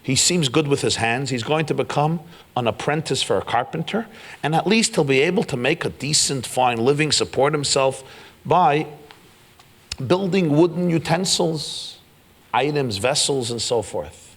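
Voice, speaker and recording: A man giving a storytelling sermon as keynote speaker, acting out the dialogue of the people in his tale and building to loud peaks. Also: mid-range voice, expressive, moderate pace, slightly rough. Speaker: rabbi giving a keynote address. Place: large hotel event hall.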